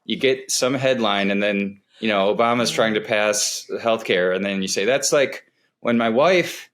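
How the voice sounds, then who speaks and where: A man's voice: on the low side, moderate pace, fairly bright tone. A man guesting on a comedy podcast, telling rambling, self-deprecating stories about writing jokes in casual chat. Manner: rambling, self-deprecating storytelling with many restarts.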